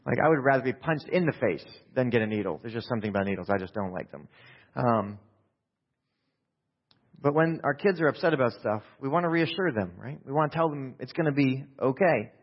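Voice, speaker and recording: A middle-aged man preaching a sermon in a calm, low-key, self-deprecating way, with many fillers. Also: fairly quick. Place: church sanctuary during a service. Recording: echoey hall, dull lo-fi sound.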